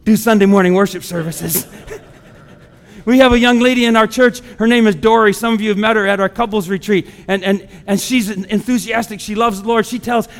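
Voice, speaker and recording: A man's voice: sits high, fairly even intonation, fairly quick. A male pastor preaching a sermon in a conversational way, now and then acting out the people he quotes, recorded in a church sanctuary. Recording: long hall reverb.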